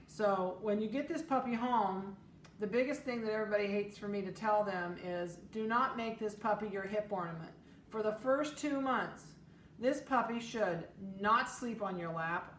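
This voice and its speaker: A woman's voice: medium pitch, a bit bright. A middle-aged woman dog breeder giving firm, direct puppy-training advice in an informal talk, repeating her key rules. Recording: echoey room with faint ambient noise.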